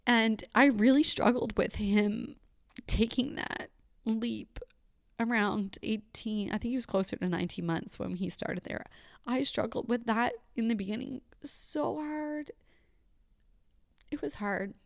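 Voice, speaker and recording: A woman's voice: a little high, unhurried, gravelly, no room sound, clean studio sound. A young adult woman hosting a solo podcast, telling a personal story in a candid, rambling way with many fillers. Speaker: podcast host.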